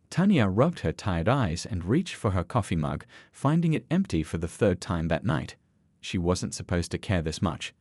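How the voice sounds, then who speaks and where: A man's voice: fairly low pitch, darkish tone, husky, no room sound. A man narrating a dramatic story from a script.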